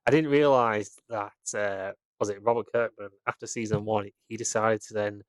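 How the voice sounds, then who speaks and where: A man's voice: on the low side, steady tone, moderate pace, dry recording. A man, co-hosting a podcast, chatting casually with many restarts and easy laughs. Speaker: podcast co-host. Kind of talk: casual chat.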